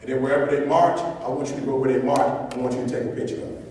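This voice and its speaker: Male motivational speaker, preachy and repetitive, loud peaks, echoey hall picked up from a distance. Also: medium pitch, fairly even intonation, very fast, a little hiss or hum. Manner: preaching, repetitive, rises to near-shouting emphasis. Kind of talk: live motivational talk to students. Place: large hall with a live audience.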